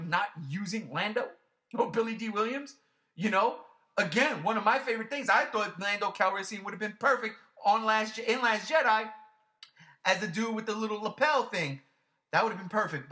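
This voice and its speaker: A man's voice: high voice, normal speed, pushed and bright. A man reviewing a movie in casual chat, ranting animatedly and swearing freely.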